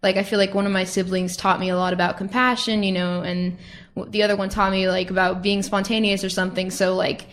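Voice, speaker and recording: Woman, interview host, upbeat, conversational, medium pitch. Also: little pitch movement, quick pace, a bit bright. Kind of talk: casual interview.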